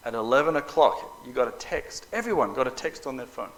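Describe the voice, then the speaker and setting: A man's voice: mid-range voice, a little fast, rough recording. Joking middle-aged male preacher telling stories. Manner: animated storyteller, acts out quotes, joking asides. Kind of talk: storytelling talk to an audience. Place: hall at a Bible school.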